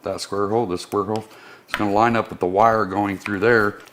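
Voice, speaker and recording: Speaking a little fast with a fairly low, slightly bright voice and fairly even intonation, a service technician shows how to install a motorcycle part. He keeps it casual, instructional, and friendly as he goes step by step through the workshop job, with slight background noise.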